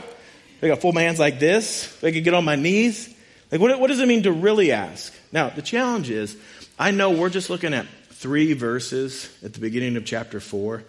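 A man with a slightly high voice preaching to a congregation in a room. His tone is conversational and joking, and he drives his points with quick rhetorical questions. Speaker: pastor. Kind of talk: sermon.

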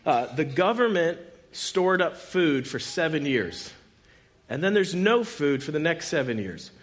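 A man preaching in a casual, conversational way, retelling a Bible story with lively quoted dialogue. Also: a little high, a little slow.

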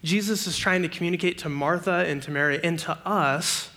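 A young man delivers a sermon in a casual, conversational way, checking in with his listeners through quick rhetorical questions. His voice is bright and forceful, sitting a little high, and it lifts into animated bursts when he acts out everyday scenes. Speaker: campus ministry preacher.

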